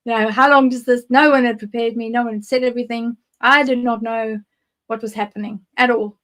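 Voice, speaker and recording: South African woman guest, candid rambling storyteller, voice sits a touch high. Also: fairly even intonation, brisk, a bit bright. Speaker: guest psychic. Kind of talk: interview, personal testimony.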